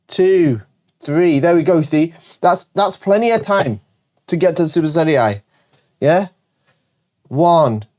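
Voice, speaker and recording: A man with a northern English accent hosts a casual question-and-answer video. He talks fast and eagerly and keeps correcting himself, and his voice sits a little high for a man. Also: a little mellow. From Britain. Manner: fast, chatty and enthusiastic, with frequent self-corrections. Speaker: host.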